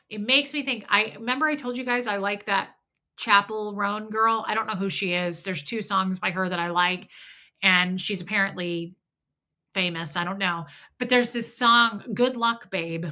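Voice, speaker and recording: A woman's voice: mid-range voice, pushed and bright. A middle-aged woman talking candidly and rambling on a livestream, a little stuffy-nosed, greeting viewers by name. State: stuffy nose. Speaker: livestream host. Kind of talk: casual livestream chat.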